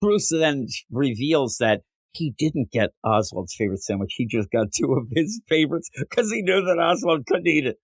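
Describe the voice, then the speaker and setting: A man's voice: a little high, animated, moderate pace, few pauses, slightly rough, no echo. A man co-hosting a comic book podcast in casual chat, laughing often and acting out characters' lines. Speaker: podcast co-host.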